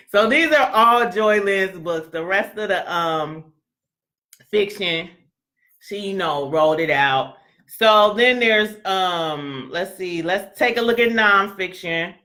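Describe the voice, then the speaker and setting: A loud, chatty woman hosts a casual book club talk. She jokes, laughs often and slips into little acted-out voices as she walks through a website. Her pitch sits at an ordinary middle height. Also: animated, slow pace, pauses often. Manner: chatty, joking, acts out quoted voices. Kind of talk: casual chat presenting a website.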